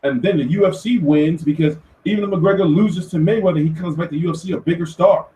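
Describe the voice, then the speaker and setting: A man hosting a casual commentary show, talking in an animated, profane rant. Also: on the high side, fast talker. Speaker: host. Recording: echoey room, far from mic.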